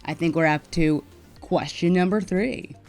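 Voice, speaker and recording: A young woman with a New York accent, frankly and wryly telling her own story to camera, turning loud and heated as she retells arguments. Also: lowish voice, a little slow, faint music behind. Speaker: mental health advocate vlogger. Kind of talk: casual personal storytelling to camera.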